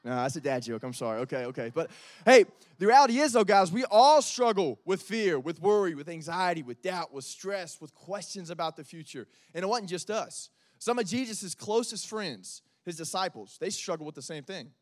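A man's voice: high-pitched, animated, moderate pace, no room sound, clean studio sound. A young man preaching a casual, joking youth sermon. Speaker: youth pastor.

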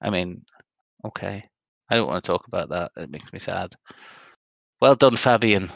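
Guy, very deep and gravelly, lots of ums, casual podcast chat. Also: animated, moderate pace, dry recording. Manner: rambling, many ums, reads out results. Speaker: podcast co-host.

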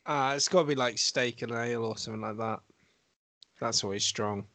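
Laid-back podcast co-host. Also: male voice, mid-range voice, brisk, sharp tone, no room sound. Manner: laid-back, short answers. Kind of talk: casual chat.

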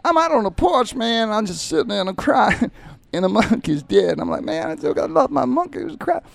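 A man putting on a comedian's voice to retell a sad, funny story in a high, strained delivery. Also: very animated, a little fast, creaky, dry recording, exaggerated voice. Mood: sorrowful, comic. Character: impression of a comedian telling stories.

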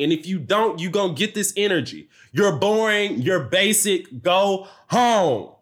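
A man's voice: sits high, animated, unhurried, few pauses, fairly bright tone. A man co-hosting a reality TV recap podcast, ranting heatedly with lots of swearing and blunt repetition. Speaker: podcast co-host.

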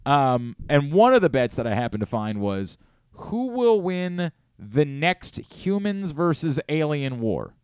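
Male sports radio host, lively swinging delivery, dry close studio mic. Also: fairly high pitch, a little slow, clean tone, no echo. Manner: rambling, self-deprecating, animated. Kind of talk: casual sports talk. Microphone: studio microphone.

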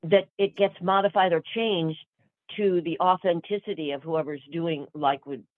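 Older female actress guest, lively and chatty, phone-like line, thin narrow sound. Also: fairly low pitch, moderate pace, dry recording. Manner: lively, chatty, full of fillers and restarts. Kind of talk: storytelling interview answers.

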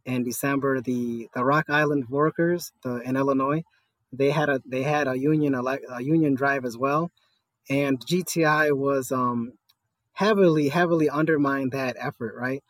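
Speaking at normal speed in a steady, medium-pitched voice that's a bit bright and free of room sound, the guest explains how he, a cannabis store worker, is organizing a union. It's a conversational interview, and he's earnest, with lots of fillers and "right?" tags.

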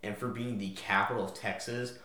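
A young man co-hosting a podcast in casual chat, joking and laughing often, now and then shouting out mock quotes. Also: fairly low pitch, fairly even intonation, a little fast. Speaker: podcast co-host. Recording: echoey room.

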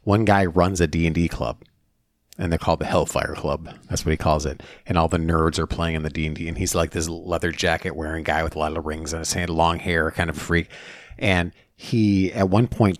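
A very deep-voiced man holds the floor in a relaxed talk show, telling a story with animated energy. The sound is close and dry, with no room echo. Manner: animated storyteller, mimics others in high voice. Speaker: podcast co-host. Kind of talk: casual chat.

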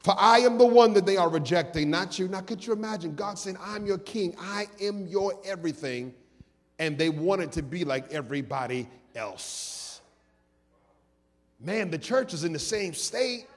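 A man preaching a sermon as pastor, with call-and-response and sung, shouted peaks that drop to quiet asides. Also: high-pitched, animated, moderate pace, big-room sound.

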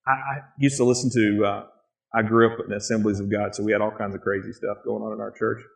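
A man preaching a sermon in a church, lively and animated, often acting out excited quotes in a higher voice. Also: quick pace, gravelly. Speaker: pastor.

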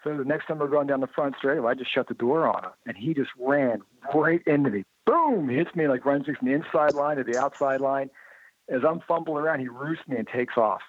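A man being interviewed, telling motorcycle racing anecdotes in a lively way and acting out the dialogue he quotes. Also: mid-range voice, a little fast. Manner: lively storyteller who acts out quoted dialogue. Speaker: interview guest, motorcycle writer. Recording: narrow phone-like line, dry.

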